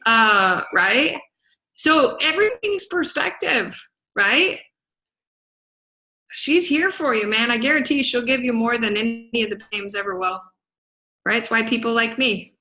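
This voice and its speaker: A woman giving an energetic motivational talk as a business coach, speaking to a laptop on a video call and punctuating her points with quick rhetorical questions. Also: fairly high pitch, low-quality recording. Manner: energetic, punchy, keeps asking "right?". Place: away from home, speaking to a laptop.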